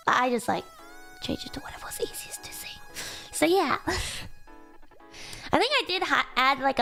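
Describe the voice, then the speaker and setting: Bubbly high-voiced woman streamer. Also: vocal fry, a bit bright. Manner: bubbly, giggly, rambling with many fillers. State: sleepy morning voice. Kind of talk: casual chat reading donations.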